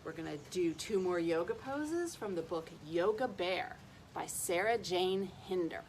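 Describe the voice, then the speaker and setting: Slow, playful woman teaching kids' yoga. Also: lowish voice, lively intonation, a little mellow, a little hiss or hum. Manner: slow, playful, sing-song, speaking to young children. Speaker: early childhood educator leading kids' yoga. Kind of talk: children's yoga lesson.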